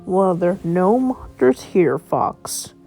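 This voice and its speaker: Woman playing a chill patient dad, slow and soothing, bit of fry. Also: on the low side, animated, dark tone, exaggerated voice. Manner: soothing, unhurried reassurance. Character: gentle, patient father, calm and reassuring. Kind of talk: storybook character voice.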